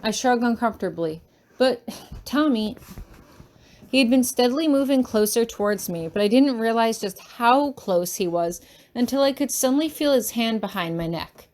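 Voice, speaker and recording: A woman narrating a first-person fan story with emotion and urgency. Her voice is fairly high and turns shaky in tense moments. She voices the heroine's own frightened lines in the same voice. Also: expressive, moderate pace, darkish tone. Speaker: fanfiction reader.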